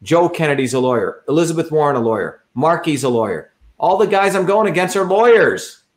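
A man's voice: a little high, sing-song, a little fast. Fiery man rallying his supporters. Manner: repetitive, rallying and combative. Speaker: political candidate. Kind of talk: livestream campaign talk.

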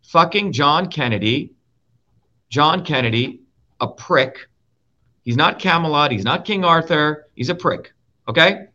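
A man from India delivers a heated political rant with a bright, forceful edge, swearing freely and hammering his points with repetition. His voice sits a little high for a man, and the audio sounds somewhat dull and lo-fi. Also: animated, measured pace, long pauses. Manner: profane, emphatic, repeats key words. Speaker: show host and guest speaker.

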